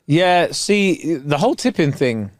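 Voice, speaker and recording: A man's voice: a little high, lively intonation, a little slow, no echo, clean studio sound. A man, co-hosting a podcast in casual chat, teasing his partner and laughing often. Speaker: podcast co-host. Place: studio.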